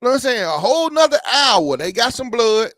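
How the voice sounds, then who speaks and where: High-voiced man in his thirties, profane and rambling. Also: very animated, brisk, fairly bright tone, no echo, clean studio sound. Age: 30s. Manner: rambling, profane storytelling, keeps asking "you know what I'm saying". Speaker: YouTube reaction channel host. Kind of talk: casual personal health update.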